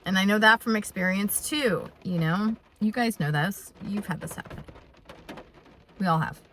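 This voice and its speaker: A woman's voice: medium pitch, moderate pace, fairly bright tone, a little hiss or hum. A woman in her fifties talking through an unscripted personal vlog, rambling and heartfelt with many restarts, close to tears. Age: 50s. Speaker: vlogger. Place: in her truck on a rainy day.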